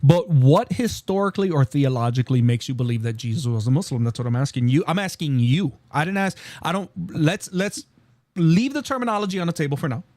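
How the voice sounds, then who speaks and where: A man's voice: a little high, animated, a little fast, a little mellow, dry recording, studio quality. A young man hosting a live call-in podcast, cutting in with insistent, repeated questions. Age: young adult. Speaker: podcast host.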